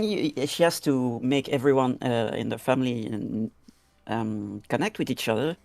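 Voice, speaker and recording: A woman playing a tabletop game, describing her character in an excitable, hesitant way. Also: very deep voice, moderate pace, gravelly, dry recording. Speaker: player.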